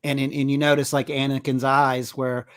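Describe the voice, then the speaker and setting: A man co-hosting a podcast in casual chat, talking in an excited, emphatic way. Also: medium pitch, normal speed, clean tone. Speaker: podcast co-host.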